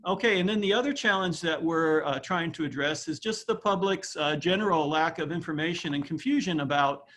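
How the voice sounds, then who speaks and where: Halting scientist presenting slides, many fillers. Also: male voice, a little high, a bit bright. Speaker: university scientist presenting a research project.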